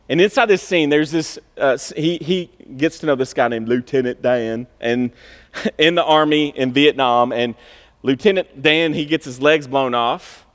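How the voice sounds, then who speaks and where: A male pastor preaching a sermon in a conversational, storytelling way with bursts of emphasis. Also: a little high. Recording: long hall reverb.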